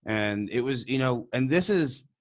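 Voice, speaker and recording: A man, an immigrant, co-hosting a podcast and telling a personal story in casual conversation, animated and often laughing. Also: medium pitch, measured pace. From immigrant to the country. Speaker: podcast co-host.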